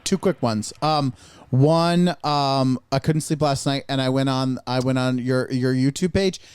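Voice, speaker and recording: A man co-hosting a podcast, chatting casually with hesitant, halting phrasing. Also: mid-range voice, background noise. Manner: hesitant, many fillers and restarts. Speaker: podcast co-host.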